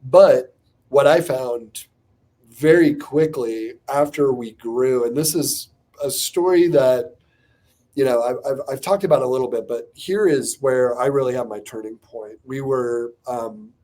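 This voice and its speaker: Podcast guest, man in his forties, warm dark voice, animated candid storyteller, filler-heavy. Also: medium pitch, measured pace. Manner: animated, frequent "like" fillers, restarts. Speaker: podcast guest, company co-founder and CEO.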